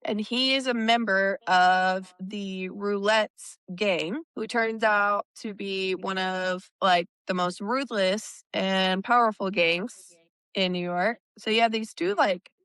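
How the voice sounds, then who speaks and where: A woman talks through a book's plot at a slow, unhurried pace, filling pauses with "um" and "like". Her voice is smooth and clear, heard close and dry with no room around it. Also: mid-range voice, a bit bright, dry recording. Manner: unhurried plot recap with many fillers. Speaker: podcast co-host. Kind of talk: book discussion podcast.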